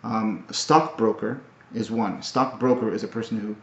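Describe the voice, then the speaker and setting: A man recapping his language studies in a casual video, talking in a halting, thoughtful way with many fillers and restarts. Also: fairly low pitch, steady tone. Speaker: language learner. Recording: roomy, dull lo-fi audio.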